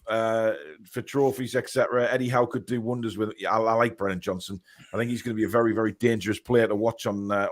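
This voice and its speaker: A man hosting a casual football show on a video call, talking hesitantly with many fillers and reading viewer comments aloud. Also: medium pitch.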